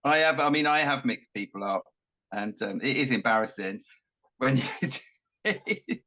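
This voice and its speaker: A man's voice: mid-range voice, moderate pace, bright, forceful tone, rough recording. A man co-hosting a casual chat, musing aloud and asking questions. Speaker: co-host.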